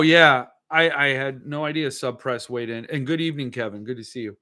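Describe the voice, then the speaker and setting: A man's voice: mid-range voice, moderate pace, sharp tone. A man hosting a casual livestream, rambling and swearing as he answers viewer comments, a bit tipsy. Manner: rambling, swearing, self-correcting. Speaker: livestream host.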